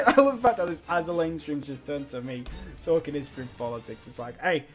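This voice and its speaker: A man's voice: fairly high pitch, very animated, brisk, soft background music. A young British man in his twenties streaming a game, chatting casually in a mock-boastful, provocative way and laughing at his own jokes. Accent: British English. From Britain.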